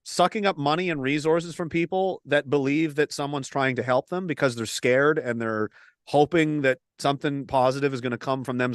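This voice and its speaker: A man hosts a loose satirical chat, ranting and swearing as he mocks people. His voice sits on the high side, with a dry, close sound. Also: no echo. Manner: profane, ranting, mocking. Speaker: host. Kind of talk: casual satirical commentary.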